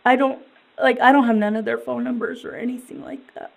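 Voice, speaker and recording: High, gravelly, distraught woman. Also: fairly even intonation, poor audio. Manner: halting, rambling, repeats herself. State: distraught, dazed. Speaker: interviewee. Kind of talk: police interview.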